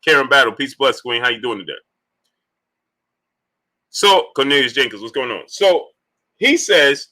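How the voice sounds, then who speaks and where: Bright-voiced man hosting a livestream. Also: medium pitch, normal speed, long pauses. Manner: animated, greets viewers by name between points. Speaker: livestream host. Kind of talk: live-stream commentary reading out chat.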